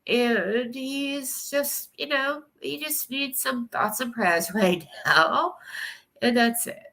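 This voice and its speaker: A woman's voice: a little high, slow, pushed and bright. A woman streaming live, crying and rambling with nervous laughs as she talks to her chat. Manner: tearful, rambling, laughing through tears. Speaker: livestreamer. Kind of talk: casual livestream chat.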